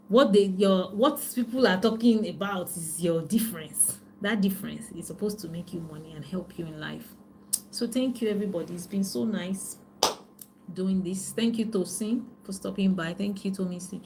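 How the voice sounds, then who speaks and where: Nigerian woman coach, middle-aged, casual live-stream host, talkative, mid-pitched voice. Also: slight background noise. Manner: chatty, animated, reads out viewer comments. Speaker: life and business coach.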